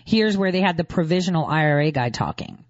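A woman's voice: low-pitched, lively intonation, fairly quick, dry recording, muffled recording. A woman commentator reacting to news clips with sarcastic, indignant remarks.

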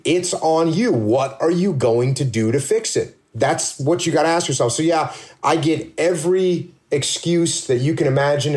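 Blunt, emphatic man with a higher voice. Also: darkish tone. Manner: emphatic, blunt, rhetorical questions. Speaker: leadership consultant guest. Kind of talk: casual podcast conversation.

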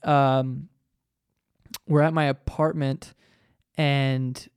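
A young man hosts his podcast, spinning a long, profane story in a loose, chatty way. His voice sits a bit high and comes through smooth and clear. The recording is dry and close, with no room around it. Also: no room sound. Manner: animated, profane, jumps into quoted voices. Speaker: podcast host. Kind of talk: casual storytelling monologue.

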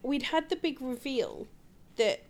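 A woman's voice: high voice, measured pace, a little mellow. A woman telling a story in casual chat, giggling often as a podcast co-host.

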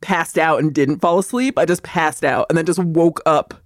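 A woman co-hosting a podcast in casual chat, profane and quick to laugh. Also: low voice, no room sound, studio quality. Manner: profane, animated, laughing often. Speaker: podcast co-host.

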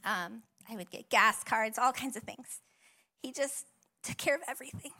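A woman's voice: fairly high pitch, normal speed. A woman in her thirties, a pastor giving a personal testimony sermon in a church, conversational, emotional and encouraging. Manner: emotional, tearful at times, warm and encouraging; conversational with frequent fillers and laughs. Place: church auditorium.

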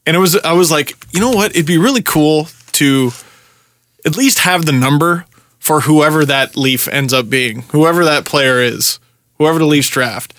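Animated, swearing man telling a story. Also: fairly high pitch, moderate pace. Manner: animated, profane, acts out his own ranting. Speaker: podcast host. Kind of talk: casual storytelling chat.

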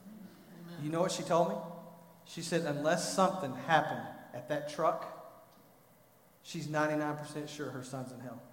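A man preaching a sermon, telling a story and rising to loud, impassioned pleading. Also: a little high, steady tone, moderate pace, long pauses, slight background noise. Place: church. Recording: echoey hall.

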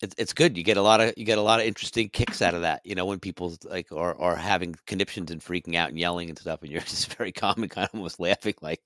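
A man's voice: deep voice, fairly even intonation, quick pace, hardly any pauses, fairly bright tone, no room sound. A middle-aged man co-hosting a casual podcast chat, laughing often and acting out quoted lines in playful voices. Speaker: podcast co-host.

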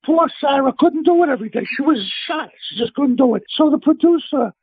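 A middle-aged American celebrity chef, a guest on a casual phone interview, tells brash, blunt, animated stories. His voice is extremely high-pitched and a little fast, and the dry recording comes through a tinny phone line.

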